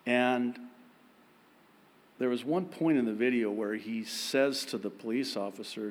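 A man preaching a sermon, telling everyday stories in a lively way and laughing at himself. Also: mid-range voice, takes it slowly, long pauses. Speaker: pastor.

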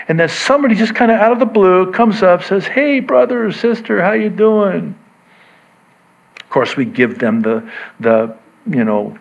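A man preaching a sermon in a conversational way, breaking into quoted voices and making asides to the congregation. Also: poor audio. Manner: animated, acts out quoted voices with sudden pitch jumps; conversational, self-interrupting with asides. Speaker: pastor.

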